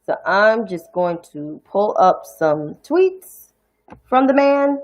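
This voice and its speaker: A woman from Harlem, New York City, with a New York accent hosts a casual livestream commentary show, ranting bluntly, profanely, and indignantly. Her mid-range voice is very animated but slow-paced, and the highs are cut off.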